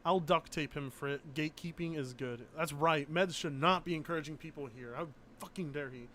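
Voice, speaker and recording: Man, high voice, streamer host, profane casual chat, faint room hiss behind. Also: fairly quick. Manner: profane, animated, laughs often.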